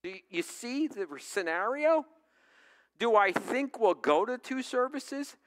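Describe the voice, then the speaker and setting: A man's voice: very high voice, expressive, slow, fairly bright tone. A male pastor preaching a sermon, telling a personal story in a conversational way and putting questions to the congregation.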